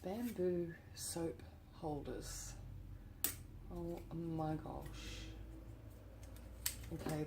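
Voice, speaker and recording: A woman's voice: on the low side, slow, gravelly, background noise. An Australian woman chatting casually on her vlog while tidying her room, often exclaiming over things she finds and sometimes dropping into a whisper. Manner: excitable, exclaiming over found items, drifting into whispers. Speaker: witch shop owner vlogger.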